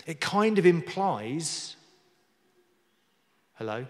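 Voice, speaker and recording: A man's voice: fairly high pitch, expressive, moderate pace, pauses often. A man preaching a sermon in a conversational way, with jokey asides, reading scripture aloud with emphasis. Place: church hall. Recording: long hall reverb.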